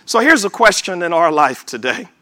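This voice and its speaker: A man preaching a sermon, emphatic, calling for amens and sometimes shouting. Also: high voice, very animated, normal speed, dry recording. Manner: emphatic, calls for amen, bursts of shouting.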